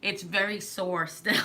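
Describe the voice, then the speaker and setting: Woman with a New York accent, bright voice, chatty and scattered, live stream host. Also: mid-range voice. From New York, Long Island. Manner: rambling, self-interrupting, laughs often. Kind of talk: casual live stream chat.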